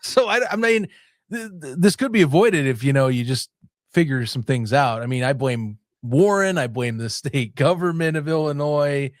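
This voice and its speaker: A man's voice: a little high, expressive, moderate pace, no room sound, clean studio sound. A man in casual sports podcast talk, rambling and self-interrupting, laughing often.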